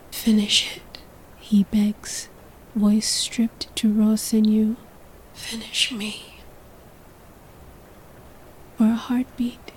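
A woman narrating a second-person story in a slow, hushed, breathy whispered role-play. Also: fairly high pitch, a little hiss or hum, rough recording.

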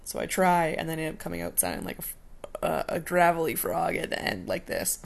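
A woman singing a cover song and then chatting casually about it in quick, laughing asides. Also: low-pitched, big pitch swings, gravelly.

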